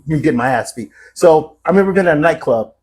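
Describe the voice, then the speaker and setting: An American man from the Los Angeles area speaks in a high voice as a podcast guest. His storytelling is casual, profane and animated, with laughs running through it. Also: fast talker. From Los Angeles area, USA.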